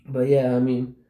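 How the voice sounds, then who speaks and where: A man's voice: medium pitch, vocal fry, dark tone. A man telling a personal story in casual, rambling speech, packed with "like" and swearing. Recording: roomy echo.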